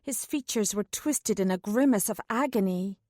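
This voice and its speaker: A woman's voice: mid-range voice, normal speed, dark tone, no echo. A woman narrating a first-person fantasy audiobook in a tense, urgent way, close to a studio mic.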